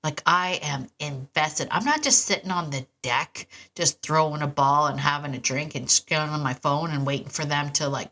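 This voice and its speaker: A middle-aged woman with a low-pitched voice talks casually on her podcast. Her tone is bright and forceful, and she gets enthusiastic and chatty, with frequent asides. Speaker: podcast host and dog trainer. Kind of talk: casual solo podcast talk.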